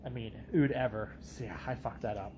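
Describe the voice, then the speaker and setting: A man's voice: medium pitch, fairly even intonation, moderate pace, noisy background. Blunt, profane man reviewing perfume. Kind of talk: casual review monologue.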